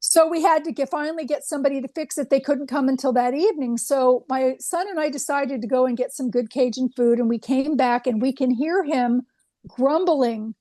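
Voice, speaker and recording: A woman guest telling a personal anecdote in an interview, animated and quoting dialogue. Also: high-pitched, moderate pace, no room sound. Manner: animated anecdote with acted quotes. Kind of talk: storytelling in an interview.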